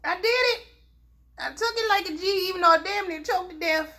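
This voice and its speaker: A woman's voice: extremely high pitch, brisk, pushed and bright. A woman vlogger in a casual challenge video, exclaiming, swearing and chatting to her viewers in slangy, drawling informal talk.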